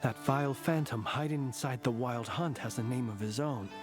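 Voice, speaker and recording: A man's voice: medium pitch, moderate pace, music in the background, natural voice. An actor playing a courteous, wounded young male hero in a game, speaking in a formal, old-fashioned way. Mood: courtly, weary. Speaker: game character. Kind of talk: game voice acting.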